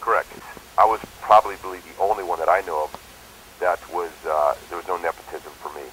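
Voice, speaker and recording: A man's voice: sits low, a little fast, a bit bright, slight background noise, poor audio. A man who works as a stuntman, telling a story in a casual phone interview and jumping into quoted voices. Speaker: stuntman and performer.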